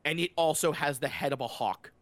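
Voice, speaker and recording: Man running a tabletop game, halting narration, dry close sound. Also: on the high side, a bit bright, dry recording. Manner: casual, halting narration with restarts. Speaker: game master.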